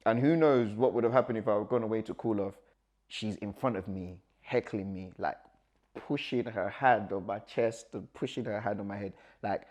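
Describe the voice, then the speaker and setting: A young man telling a personal story as a guest, animated and acting out the dialogue, with nervous laughs. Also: on the low side, moderate pace.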